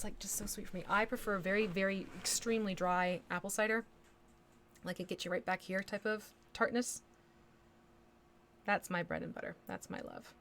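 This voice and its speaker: Woman, casual livestream chat, mid-range pitch, thinks aloud while painting, hums nonsense syllables. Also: a bit bright, a little hiss or hum. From United States. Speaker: miniature painting livestream host.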